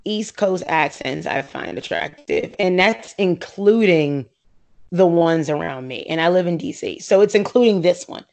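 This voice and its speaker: Opinionated woman with a low voice. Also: unhurried, vocal fry. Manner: opinionated, animated, laughs often, quotes friends in voices. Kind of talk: casual chat about reality TV.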